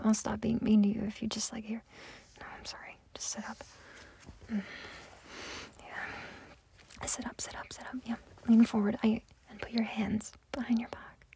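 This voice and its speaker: A young woman in a whispered role-play, voicing a domineering, mocking character in a breathy close whisper that keeps repeating itself. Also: medium pitch, darkish tone, natural voice. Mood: coaxing.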